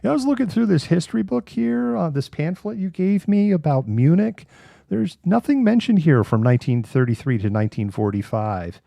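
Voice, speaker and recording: Chirpy male tour guide, high forced cheer, a man doing the voice. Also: expressive, moderate pace, creaky, warm tone, no room sound, clean studio sound.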